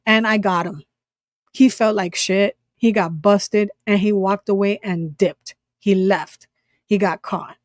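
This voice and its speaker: A woman's voice: medium pitch, steady tone, a little slow, no room sound, studio quality. A woman casually retelling a personal encounter, acting out the lines of the people in it, with lots of fillers, restarts and swearing. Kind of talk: casual storytelling.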